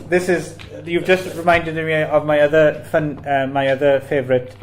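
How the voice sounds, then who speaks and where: A man's voice: a little high, little pitch movement, normal speed, hardly any pauses. A man co-hosting a casual podcast, with dry, teasing and sceptical banter. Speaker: podcast co-host. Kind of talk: casual chat.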